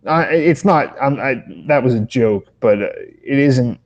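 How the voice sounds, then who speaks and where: A man co-hosting a podcast, chatting casually at a middle pitch. He rambles through his stories, swears freely and keeps breaking off to restart his sentences. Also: expressive, a little slow, dull audio. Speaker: podcast co-host. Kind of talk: casual chat.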